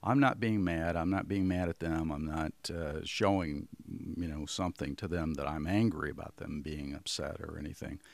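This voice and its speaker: Man, communication trainer, deep voice, folksy conversational lesson, dry close sound. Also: moderate pace, vocal fry, hardly any pauses, dry recording. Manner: folksy, conversational, explains with homely examples. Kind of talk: instructional talk to camera.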